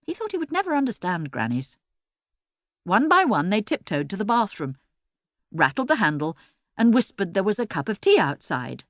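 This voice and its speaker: A woman narrating a children's storybook in an expressive, lively way, recorded close on a studio mic. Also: mid-range voice, normal speed, no echo. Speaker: audiobook narrator.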